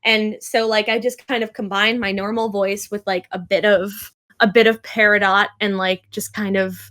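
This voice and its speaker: A woman's voice: mid-range voice, level tone, moderate pace, fairly bright tone. A young adult woman, a voice actress, chatting casually and bubbly in an interview, with lots of fillers and laughter.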